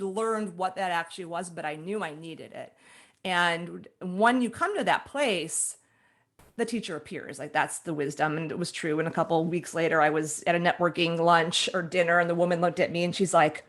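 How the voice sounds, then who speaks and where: A woman in her forties, a guest author telling a personal story in an interview, animated and laughing as she acts out her own past thoughts. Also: medium pitch.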